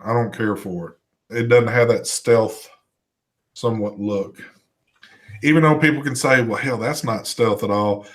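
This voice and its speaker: A man's voice: medium pitch, unhurried, a bit bright. Laid-back man chatting on a stream. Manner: laid-back, swears casually, reads chat aloud. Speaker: co-host of a vaping live show. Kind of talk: casual live-stream chat.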